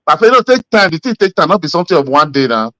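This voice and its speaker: A Nigerian-accented man talks politics in a loose, rambling way, one story spilling into the next with plenty of "uh" and "you understand". His voice is bright and forceful and sits a little high for a man. The sound is close and dry. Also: fast, no room sound. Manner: rambling, animated storytelling with many fillers. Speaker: podcast co-host. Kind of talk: casual political chat.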